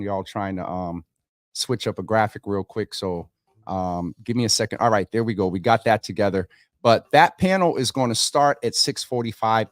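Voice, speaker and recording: A man's voice: lowish voice, dry recording, clean studio sound. A man hosting a casual morning livestream, chatting and greeting viewers by name as they join. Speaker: livestream host.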